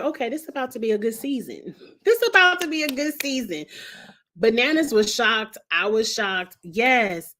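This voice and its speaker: A woman recapping a reality TV show in a casual vlog, chatty and slangy, cursing freely and talking straight to her viewers. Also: fairly high pitch. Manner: animated, talks straight to viewers. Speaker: reality TV reviewer.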